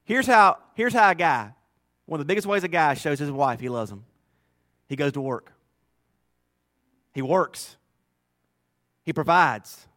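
A man's voice: fairly high pitch, animated, measured pace, pauses often, bright, forceful tone, dry recording, clean studio sound. A male pastor preaching a sermon in a conversational, emphatic way, often repeating phrases.

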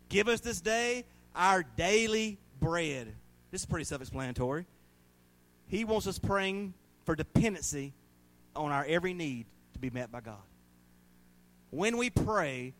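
A man, preaching a sermon as pastor, telling folksy stories and laughing often. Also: high voice. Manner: folksy storytelling, laughing often, rising to loud bursts.

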